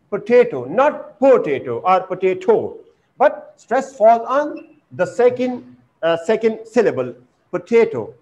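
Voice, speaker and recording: A man teaching an English vocabulary lesson. He speaks slowly and deliberately, with frequent "uh"s, and repeats words while exaggerating their stress. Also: high-pitched, darkish tone. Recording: dull lo-fi recording.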